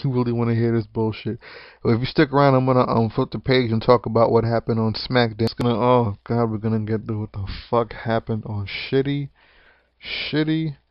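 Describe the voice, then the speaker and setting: A man's voice: mid-range voice, no room sound. A man delivers an expletive-heavy wrestling rant that wanders and restarts constantly. The recording sounds dull and lo-fi, with a dry, close feel and no room sound. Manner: rambling, frequent swearing and restarts. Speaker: wrestling commentary vlogger. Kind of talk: profane ranting monologue.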